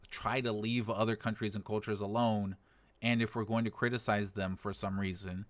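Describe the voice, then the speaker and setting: This livestream host, an American man in his thirties based in China, has a fairly low voice captured with no room sound. He goes through viewer comments casually, with chuckles and dry sarcasm.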